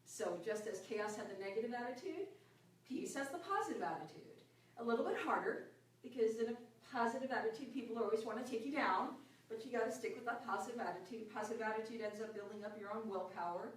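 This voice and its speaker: A woman giving an earnest, reflective self-help talk about finding peace, her voice often dropping soft and low. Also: fast talker. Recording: echoey room from a distance, faint ambience.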